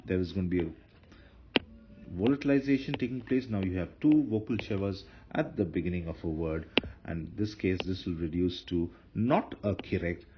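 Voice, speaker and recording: A deep-voiced man teaches Hebrew grammar at a moderate pace, lecturing patiently and often repeating himself and fixing slips. The lecture recording is dull and lo-fi, with faint background noise.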